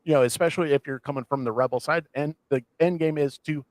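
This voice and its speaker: A man co-hosting a casual podcast, rambling with many restarts as he excitedly retells scenes. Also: on the high side, quick pace, no echo. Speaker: podcast co-host. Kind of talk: casual chat.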